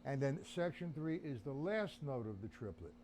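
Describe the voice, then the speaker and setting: A man's voice: mid-range voice, sing-song, moderate pace, a little mellow, slight background noise. A man teaching drums on a live stream, counting beats aloud while he plays and chatting to viewers. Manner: chatty, addresses viewers as guys. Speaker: drum teacher. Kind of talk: live-streamed drum lesson.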